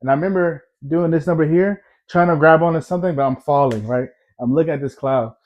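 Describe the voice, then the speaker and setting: A man's voice: fairly high pitch, quick pace, lo-fi sound. A man in his thirties casually telling a personal story to camera, rambling and conversational, often tagging lines with "right?". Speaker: storyteller, army veteran.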